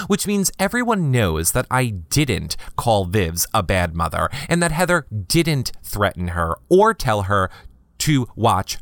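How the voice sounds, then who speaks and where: A man hosting a comedy podcast, reading gossip blogs aloud in a campy, sarcastic way with quick asides to listeners. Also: fairly bright tone, clear, resonant tone, no room sound, clean studio sound. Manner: campy, sarcastic, swoops into high mock voices.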